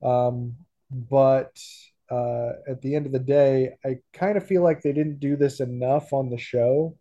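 A man co-hosting a podcast, talking about a cartoon in a measured, thoughtful way with filler pauses. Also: medium pitch, steady tone, dark tone, dull audio. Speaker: podcast co-host. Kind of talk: casual chat about a cartoon episode.

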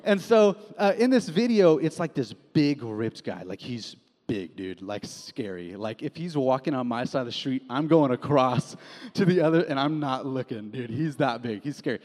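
A young man preaching a sermon as a pastor, casual and animated, telling stories with slang. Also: medium pitch, moderate pace. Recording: long hall reverb.

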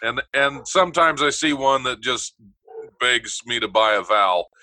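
A man's voice: mid-range voice, expressive, normal speed, sharp tone, low-quality recording. A man hosting a radio interview show, joking with his guest and laughing often.

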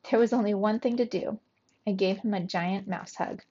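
Woman teacher, storybook read-aloud for young kids, mid-range voice, expressive, muffled lo-fi recording. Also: mid-range voice, normal speed, slightly rough. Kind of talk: reading a children's novel aloud.

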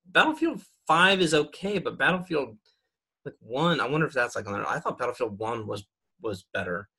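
Bright-voiced young man rambling about games. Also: medium pitch, sing-song, moderate pace, husky. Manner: rambling, filler-heavy, opinionated. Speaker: gaming podcaster and streamer. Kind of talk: casual chat.

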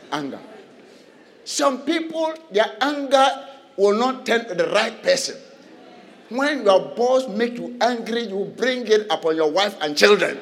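Animated high-voiced male preacher. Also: in a large hall, a little hiss or hum. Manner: animated, asks the congregation questions and laughs often. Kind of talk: sermon. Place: church.

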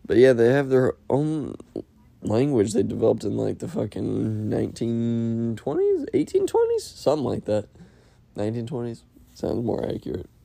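Man, gravelly, dark mellow tone, rambling, profane casual podcast host. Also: mid-range voice, sing-song, moderate pace, no room sound. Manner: rambling, profane, self-mocking. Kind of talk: casual solo podcast recap.

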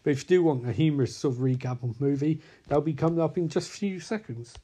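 A man's voice: a little high, fast, very noisy. A man casually reviewing and recapping a film, rambling and jokey, acting out bits of dialogue. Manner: rambling, jokey, acts out quotes in bursts. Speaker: movie reviewer.

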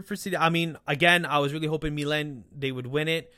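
A young man hosting a casual football podcast, excitable and animated, with loud outbursts and quieter asides. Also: on the high side, quick pace, no echo, clean studio sound. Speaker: podcast host.

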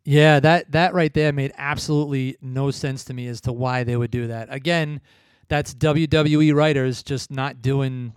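A man's voice: mid-range voice, steady tone, normal speed, clear, resonant tone, dry recording, studio quality. A man hosting a wrestling podcast in casual chat, laid-back, laughing and swearing now and then. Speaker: podcast host.

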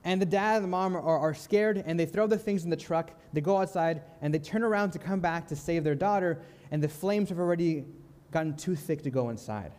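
A young man preaching a sermon, telling a story in a calm, earnest way and slowing down softly on key lines. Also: a little high, long reverb tail. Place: church sanctuary.

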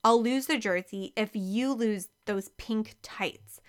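A woman's voice: mid-range voice, takes it slowly, clean tone, lightly acted. A woman voicing Mary Kate, a stubborn, sporty young girl who talks in a blunt, matter-of-fact way. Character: stubborn sporty eleven-year-old girl.

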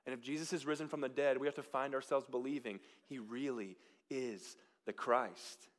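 A man preaching a sermon as pastor, moving between loud, emphatic lines and quiet, hushed ones. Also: medium pitch, fairly even intonation, moderate pace.

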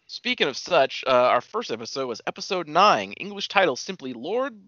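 A laid-back man co-hosting a podcast, cursing casually and stumbling over the titles he reads out. His pitch moves in a lively way and his voice sounds bright. The sound is dry and dull, like a lo-fi mic. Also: moderate pace, no echo. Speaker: podcast co-host.

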